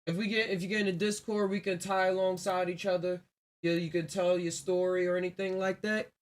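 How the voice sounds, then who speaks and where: High-voiced man hosting a rambling podcast. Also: level tone, brisk. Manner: loose, rambling and reflective, laughs often. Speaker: podcast host. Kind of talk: casual solo livestream podcast talk.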